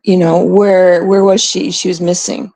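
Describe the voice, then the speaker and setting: A woman's voice: fairly low pitch, level tone, a little slow, mellow, no room sound. A Canadian woman in casual, unscripted talk to her chat, blunt and rambling, swearing often. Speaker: streamer talking to chat.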